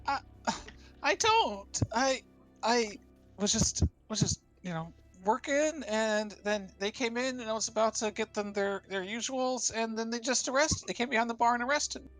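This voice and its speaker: A man's voice: extremely high pitch, normal speed, a bit bright, faint music behind, voice pushed up, low-quality recording. A man voicing a frightened young woman barmaid, stammering and shaky as she pleads.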